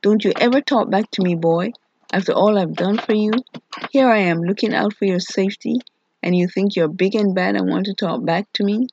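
Reader putting on a big angry dad barking orders, gravelly and husky, muffled sound. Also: medium pitch, a little fast, darkish tone, slight background noise, natural voice. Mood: scolding. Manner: scolding, commanding. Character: angry stern heavyset father. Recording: muffled lo-fi recording.

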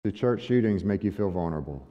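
Speaking fast with lively intonation, a low, mellow-voiced male pastor gives a conversational sermon full of rhetorical questions for the congregation. The sound is dull and lo-fi, with long hall reverb.

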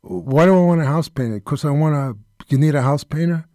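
A man's voice: on the high side, fairly quick, mellow, dry recording, studio quality, natural voice. A man doing an impression of a pushy older male tough-guy actor who repeats himself in a streetwise way.

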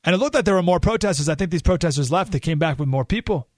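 A male radio talk show host tells a story with a lively delivery and a slightly high voice. He rises sharply in pitch whenever he acts out quotes. His studio mic sounds close and dry, with no room echo. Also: racing.

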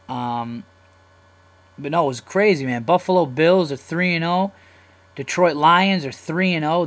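Young male New podcast host, casual profane solo rant, excitable rambler. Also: mid-range voice.

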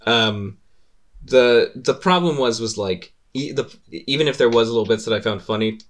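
A man's voice: medium pitch, moderate pace. A man hosting a casual podcast, rambling, swearing often and laughing between thoughts. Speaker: podcast host.

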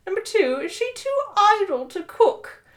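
A woman's voice: very high voice, big pitch swings, measured pace, pitched above the performer's own voice, exaggerated voice. A woman voicing a snide, gossipy British mum from an online forum, in a put-on British accent.

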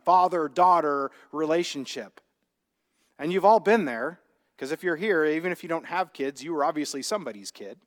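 A man preaching from the pulpit with a notably high voice. He talks to the congregation conversationally and keeps asking them rhetorical questions. His voice echoes with the long reverb of a church sanctuary. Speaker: pastor. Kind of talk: sermon.

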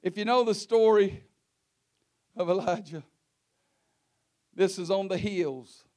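A man preaching a sermon, telling the story in a folksy way that swings between low murmurs and shouts. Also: takes it slowly.

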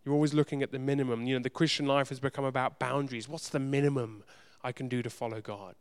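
A man preaching a sermon, speaking earnestly and directly to his congregation, swinging from loud urgency to soft hushed moments. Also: mid-range voice, steady tone, fast talker, clear, resonant tone. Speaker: pastor.

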